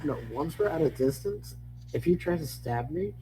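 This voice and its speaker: A man's voice: on the high side, animated, normal speed, mellow, a little hiss or hum, rough recording. A man playing in a tabletop game, blunt and assertive as he declares his character's actions. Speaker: player. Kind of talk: casual tabletop play.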